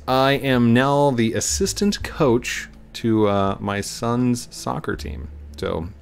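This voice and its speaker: With a fairly low pitch and a rural Missouri twang, this gaming channel host from Missouri, USA, chats and rambles through casual play, faint game music in the background. He likes to poke fun at himself, usually with a chuckle.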